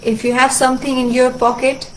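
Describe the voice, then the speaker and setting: A woman translating a religious discourse, telling a sacred story earnestly with frequent halting restarts. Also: high voice, level tone, a little hiss or hum, rough recording. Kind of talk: sermon storytelling.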